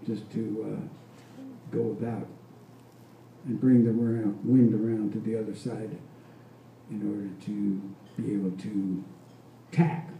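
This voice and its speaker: An elderly man in his eighties spins a rambling, chuckling tale in a folksy drawl, his voice gravelly and mellow. The sound is roomy and distant, with faint ambience of a live venue behind him. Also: lowish voice, a little hiss or hum. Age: 80s. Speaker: folk performer and storyteller. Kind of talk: live on-stage storytelling.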